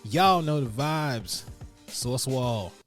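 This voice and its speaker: A man's voice: mid-range voice, animated, drawn-out words, loud music behind the voice. Slangy hyped-up male podcast host. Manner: hype, slangy, talks straight to listeners. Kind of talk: casual podcast chat and rapid review rundown.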